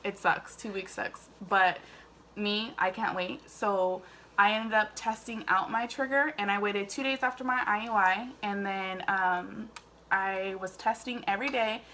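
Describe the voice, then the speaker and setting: A woman's voice: medium pitch, fairly even intonation, measured pace, pushed and bright, slight background noise. A woman telling her own story casually to camera, chatty and full of fillers. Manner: chatty, emotional, many fillers. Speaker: vlogger.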